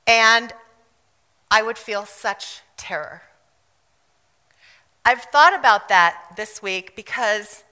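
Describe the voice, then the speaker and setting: A woman from South Africa preaching a fervent, emphatic sermon with loud bursts of declaration. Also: on the high side, long reverb tail. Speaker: pastor.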